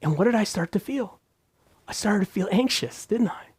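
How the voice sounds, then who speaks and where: Guy doing a motivational business talk, pitch all over the place, keeps asking rhetorical questions. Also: expressive, moderate pace, slightly rough. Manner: emphatic, repeats phrases and asks rhetorical questions. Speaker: business coach.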